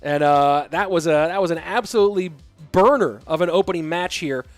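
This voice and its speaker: Excitable high-voiced male esports caster. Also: brisk, no echo, soft background music. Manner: chatty, reads out viewer messages between plays; excitable, voice jumps up at big plays. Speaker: esports caster and stream host. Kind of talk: live play-by-play game commentary.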